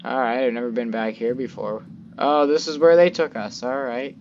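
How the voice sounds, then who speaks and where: A man's voice: mid-range voice, steady tone, normal speed, darkish tone, muffled recording, a little hiss or hum. A man giving casual gameplay commentary, rambling with lots of fillers and mild cursing into a desk microphone. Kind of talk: casual let's-play commentary.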